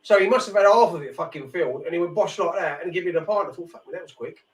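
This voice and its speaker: A man's voice: sits high, rapid-fire. A man telling rambling, swear-filled stories in casual chat. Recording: echoey room, mic far off.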